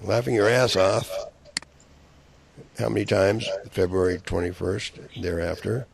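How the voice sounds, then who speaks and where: A man's voice: low voice, fairly even intonation, unhurried, creaky, slight background noise. A man delivering a rambling, profane, angry monologue.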